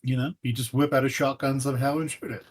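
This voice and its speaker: A man's voice: medium pitch, steady tone, fast talker, husky, low-quality recording. A man reading first-person visual novel narration aloud, with joking asides to friends.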